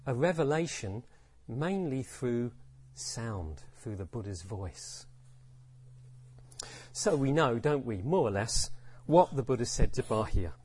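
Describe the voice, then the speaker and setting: A man's voice: medium pitch, sing-song, slow, darkish tone, a little hiss or hum. A man giving a reflective dharma talk as teacher, repeating phrases and asking rhetorical questions.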